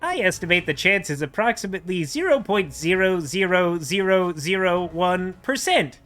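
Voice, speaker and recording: Pria memerankan robot yang bicara datar dan tepat. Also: male voice, sits high, slight background noise. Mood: deadpan. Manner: measured, exact, deadpan.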